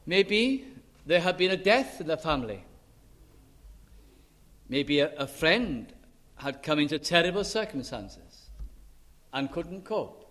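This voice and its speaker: A man preaching a sermon, earnest and emphatic, with dramatic pauses. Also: high-pitched, a bit bright. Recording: long hall reverb.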